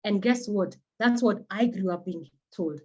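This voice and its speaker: A woman with a Kenyan accent, a native Kimeru speaker, tells personal stories in an animated, earnest way at an ordinary middle pitch. The recording sounds dull and lo-fi. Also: a little slow, breathy edge. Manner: animated, acts out quoted voices, earnest. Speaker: psychotherapist. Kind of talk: personal storytelling talk.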